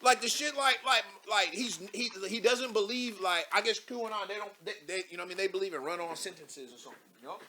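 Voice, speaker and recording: A young man hosting a live show, giving loud, mocking commentary as he reads posts aloud, laughing and repeating himself. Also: high voice, quick pace, few pauses.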